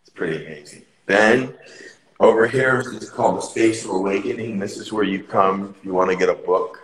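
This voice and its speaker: A man with a fairly low voice walks through an indoor studio, talking in a relaxed and enthusiastic way. He repeats his phrases as he points things out. The sound is caught on a phone with noticeable room echo. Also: normal speed. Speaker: studio owner giving a tour. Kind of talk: casual walkthrough on a live stream. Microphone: phone live stream.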